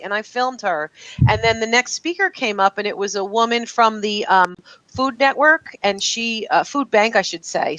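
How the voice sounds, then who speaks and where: A woman's voice: medium pitch, bright, forceful tone, no room sound, rough recording. A woman from New Jersey who teaches networking workshops, telling a story with enthusiasm in a casual video-call chat.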